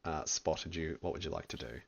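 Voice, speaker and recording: Deep-voiced man game master, rambling. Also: fairly quick, gravelly, a crowd in the background. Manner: relaxed, rambling, full of "like" and "um". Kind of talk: narrating a tabletop game.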